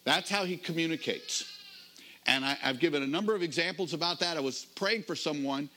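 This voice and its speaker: A middle-aged man, a pastor, preaching a sermon in a conversational storytelling manner, slowing down to stress key phrases. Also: fairly high pitch, sharp tone, slight background noise.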